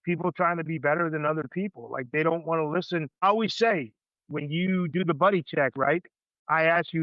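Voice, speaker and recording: A man's voice: on the high side, a little fast, no echo, muffled recording. A man in his fifties, a veteran guest on a podcast, talking in a rambling, emphatic way and saying "man" constantly. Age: 50s. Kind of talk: casual podcast conversation.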